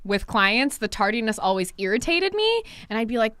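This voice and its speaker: A woman's voice: fairly high pitch, big pitch swings, brisk, hardly any pauses, a bit bright, no echo. A woman hair stylist and coach talking candidly in a podcast conversation, swearing freely and acting out past exchanges with clients.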